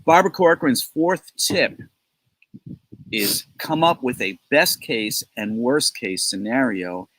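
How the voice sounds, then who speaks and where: A man's voice: mid-range voice, expressive, takes it slowly, a bit bright, no room sound, poor audio. A middle-aged man co-hosting a casual business chat, talking in a loose, rambling way with joking asides, recorded outdoors on his home deck. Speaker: co-host.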